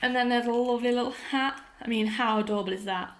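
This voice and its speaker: A woman's voice: fairly high pitch, steady tone, quick pace, hardly any pauses. A woman narrating a toy unboxing in a casual way, gushing and enthusiastic as she talks to viewers.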